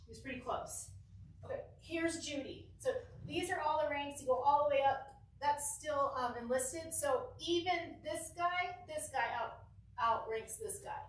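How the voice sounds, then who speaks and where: A young woman from Southern California telling a lively, giggly personal story to a church youth group, acting out the quotes. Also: high voice, far from the mic, slight background noise. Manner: animated, giggly, acts out quotes. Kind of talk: casual storytelling talk. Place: church hall. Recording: echoey hall, mic from afar.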